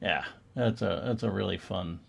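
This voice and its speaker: Man, gravelly voice, casual comic chat, chatty, laughs often. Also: sits low, moderate pace. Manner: chatty, laughing, reads captions in mock voices. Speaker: museum co-host. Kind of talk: casual comic-book show-and-tell chat.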